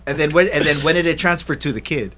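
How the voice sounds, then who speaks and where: A man's voice: on the high side, fast, fairly bright tone. A man hosting a casual podcast interview, easygoing and full of agreeing backchannel. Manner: easygoing, lots of "yeah, yeah" backchannel. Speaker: podcast host.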